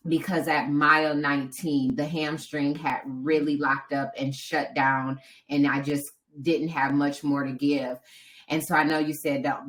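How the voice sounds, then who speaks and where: Woman co-host, low voice, animated storyteller who voices the people in her story. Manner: animated storytelling, acting out other people's lines. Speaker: podcast co-host and marathon runner. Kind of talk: casual podcast chat.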